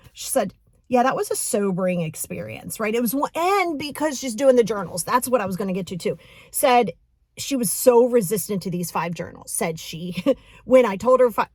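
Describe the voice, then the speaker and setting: A woman's voice: on the high side, animated, normal speed, no echo. A woman hosting a podcast as a coach, talking casually and animatedly, laughing often as she retells what a client told her.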